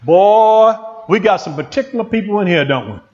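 Excitable high-voiced male preacher. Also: normal speed, dull audio. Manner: excitable, call-and-response preaching. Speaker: pastor. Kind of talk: sermon. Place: church.

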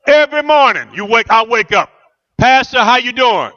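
A man's voice: very high voice, lively intonation, moderate pace, bright, forceful tone, highs cut off. A middle-aged man preaching a rousing sermon as pastor, asking the church questions and answering them.

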